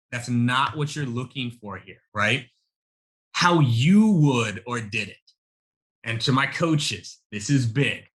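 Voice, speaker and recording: Punchy bright-voiced male sales coach. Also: mid-range voice, normal speed. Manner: emphatic, punchy, addresses audience as y'all. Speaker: sales coach presenting a webinar. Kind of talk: energetic live webinar teaching.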